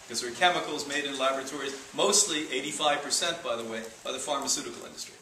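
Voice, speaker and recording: Animated man lecturing in an echoey room. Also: mid-range voice, quick pace, a little hiss or hum. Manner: animated, joking, mocking asides. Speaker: health institute lecturer. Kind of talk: live lecture to an audience. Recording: echoey room, speaker far from mic.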